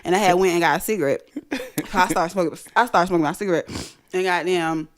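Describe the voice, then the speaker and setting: A woman hosting a radio show and telling a story in casual chat, animated and profane, often laughing. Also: on the low side, fast talker.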